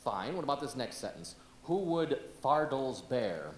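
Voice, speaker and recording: A man's voice: mid-range voice, sing-song, measured pace, reverberant, a little hiss or hum. A man playing a defensive young TV actor, exasperated and sarcastic, on an amateur stage. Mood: arguing.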